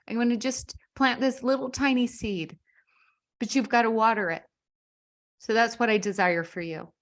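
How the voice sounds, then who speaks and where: A woman's voice: a little high, fairly even intonation, moderate pace. A woman author speaking on a video call, encouraging listeners with a string of earnest, coaxing rhetorical questions. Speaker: author guest. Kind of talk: motivational speaking.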